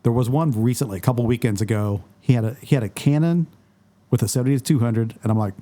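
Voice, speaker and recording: A man chats casually as a guest on a podcast, his voice mellow and dark at an ordinary pitch. He spins stories from his work and acts out the lines of the people in them. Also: fast talker. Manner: storytelling, animated quoting of others. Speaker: guest photographer.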